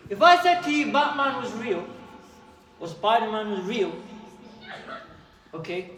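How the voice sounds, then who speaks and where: A man giving a lively talk to children at a mosque, acting out little dialogues and asking them questions. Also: high-pitched, unhurried, long pauses. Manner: playful, acts out dialogues, asks the kids questions. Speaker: youth speaker at a mosque. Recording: echoey hall, mic from a distance, audience noise.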